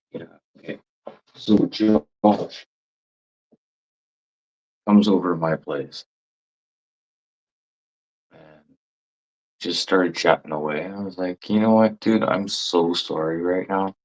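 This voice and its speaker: Slow, deep-voiced man telling rambling stories. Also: a little mellow, slightly rough, low-quality recording. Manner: rambling, profane, laughs while telling stories. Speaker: livestream chatter. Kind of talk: casual storytelling monologue.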